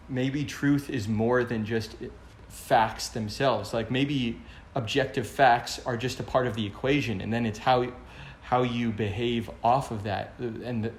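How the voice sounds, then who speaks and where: A man with a mid-range voice reflects out loud and often restarts as he hunts for the right word. His voice carries a noticeable room echo. Faint noise runs in the background. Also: mid-range voice. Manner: thoughtful, searching for words with restarts. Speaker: podcast co-host. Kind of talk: casual discussion.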